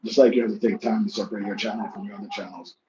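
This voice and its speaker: Laid-back man telling stories. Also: very fast. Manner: animated storyteller, gets loud and high when reenacting. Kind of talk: casual storytelling chat. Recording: slightly dull sound with faint background noise.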